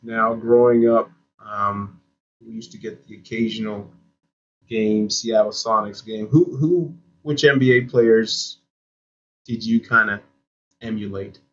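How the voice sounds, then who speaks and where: A Canadian man serving as guest interviewer, asking relaxed, slightly hesitant questions. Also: fairly low pitch, unhurried. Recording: dull lo-fi sound.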